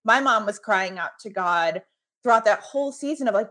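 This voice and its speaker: Casting note: woman guest, earnest and reflective, loose chatty phrasing, middle pitch. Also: lively intonation, moderate pace, bright, forceful tone. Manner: earnest, reflective, many "like" fillers. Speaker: podcast guest, author. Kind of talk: casual conversation.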